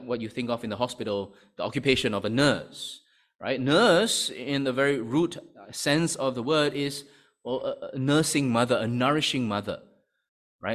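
A man's voice: mid-range voice, fairly bright tone. A man preaching a sermon to his church, asking rhetorical questions and often checking in with "right?". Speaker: pastor.

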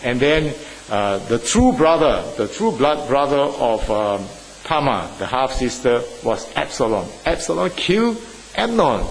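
A man preaching a sermon, emphatic, swinging between loud stressed phrases and quiet asides. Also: mid-range voice, big pitch swings, measured pace. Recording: faint noise and long hall reverb.

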